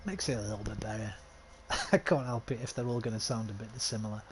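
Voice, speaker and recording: A man's voice: fairly low pitch, steady tone, fast, slight background noise. A man giving casual, self-mocking commentary while streaming a game. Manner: chatty, self-mocking, thinks aloud. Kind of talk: casual let's-play commentary.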